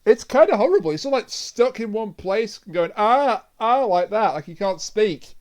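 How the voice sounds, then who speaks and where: High-voiced man in casual review chat. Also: lively intonation, moderate pace, a little mellow. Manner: dry, teasing, laughs often. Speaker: podcast co-host.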